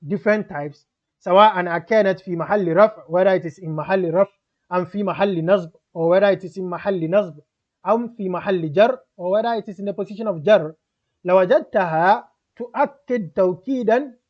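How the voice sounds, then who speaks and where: A man with a fairly high voice teaches grammar in a patient, explanatory way. He reads phrases aloud, then breaks them down in English. The recording sounds somewhat dull and lo-fi.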